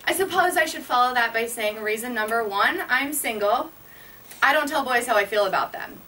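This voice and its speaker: High-voiced young woman reading a comic essay. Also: animated, moderate pace. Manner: self-deprecating, laughs through her lines. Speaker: stage performer reading a personal essay. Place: live stage in front of an audience. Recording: distant mic, loud audience, noisy room.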